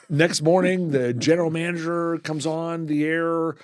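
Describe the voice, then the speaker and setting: A middle-aged man, a weatherman guest on a podcast, telling animated anecdotes and acting out quoted voices. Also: on the high side, a little slow, no echo, clean studio sound. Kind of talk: casual storytelling.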